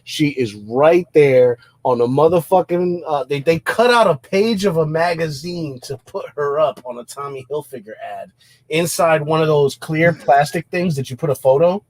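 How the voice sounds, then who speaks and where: A young man from New Jersey spins a loose, profane story in casual podcast banter, laughing often between lines. His voice sits high for a man, and the sound is dry and close to the mic. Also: expressive, moderate pace, no room sound. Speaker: podcast co-host.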